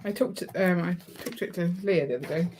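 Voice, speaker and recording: A woman's voice: on the low side, fast talker. A woman chatting casually and teasing while she builds, laughing often. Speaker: co-host of a live building stream. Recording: faint background noise and clicks.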